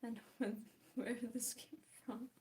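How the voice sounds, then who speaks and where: A woman talks casually as she paints, teasing herself and now and then sinking into a soft whisper. Her voice sits a little high and sounds mellow. The talk is loose and chatty. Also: flat delivery, measured pace. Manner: chatty, self-mocking, drifts into soft whispers. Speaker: art vlogger. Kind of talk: casual chat while painting.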